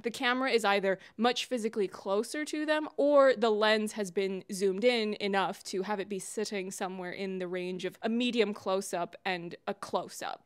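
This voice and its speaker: A woman's voice: medium pitch, clear, resonant tone. A woman commenting on a TV clip in a casual vlog, opinionated and playfully dramatic. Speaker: YouTube commentator.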